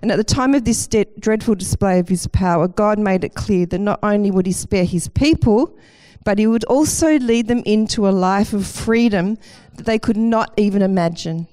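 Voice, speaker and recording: A woman's voice: mid-range voice, moderate pace, few pauses, mellow. A woman preaching a sermon with enthusiasm and a light self-deprecating humour.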